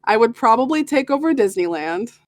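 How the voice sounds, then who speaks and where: A woman's voice: on the high side, expressive, fairly quick, dry recording. Giggly young woman, dry close sound. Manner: giggly, laughs often. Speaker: interview guest, voice actor. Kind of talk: casual interview chat.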